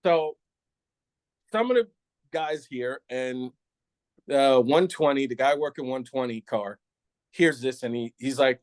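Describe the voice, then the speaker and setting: In a dry recording, a middle-aged former New York City police officer speaks unhurriedly at a medium pitch. His story is candid and animated, punctuated by frequent laughter and acted-out lines from other people.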